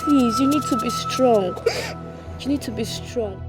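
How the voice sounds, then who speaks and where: An actress playing a caring, outspoken friend, pleading and insisting in a slow, emphatic way. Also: female voice, fairly high pitch, close to an everyday voice. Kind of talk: film acting. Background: film music.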